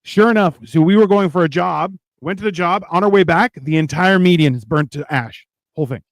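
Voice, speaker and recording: A man's voice: sits high, brisk, dry recording. A man co-hosting a live stream, telling stories in a casual, profane, laughing way. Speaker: co-host. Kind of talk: casual storytelling chat.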